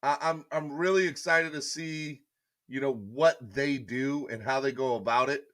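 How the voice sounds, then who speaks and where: A man hosts a casual sports podcast live stream, rambling chattily and reading viewer comments out loud. His mid-range voice is fairly bright and fairly even in intonation at a normal speed, recorded dry at studio quality.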